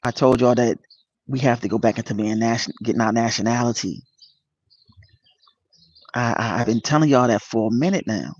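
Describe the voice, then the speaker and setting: A man's voice: mid-range voice, a little mellow. Earnest man chatting on a livestream. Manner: greets chat viewers by name, drawn-out pauses and fillers; earnest, emotional and spiritual. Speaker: channel host. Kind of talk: casual livestream chat. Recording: dull lo-fi dry sound.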